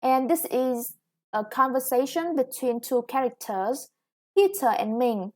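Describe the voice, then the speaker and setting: Speaking in a high pitch, a woman teacher with a Vietnamese accent explains English grammar for a recorded class. Her delivery is patient and unhurried, full of "okay" and "yeah."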